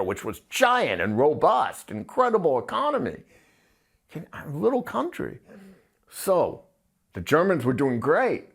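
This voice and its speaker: A man in casual podcast talk, rambling and blunt, his voice climbing high when he gets worked up. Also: breathy edge. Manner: crude, blunt wording.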